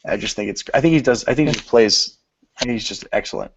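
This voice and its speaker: Chatting casually about movies, a young podcast co-host uses loose slang and keeps saying "dude." He talks fast at a medium pitch, with slight background noise in the dull, lo-fi recording.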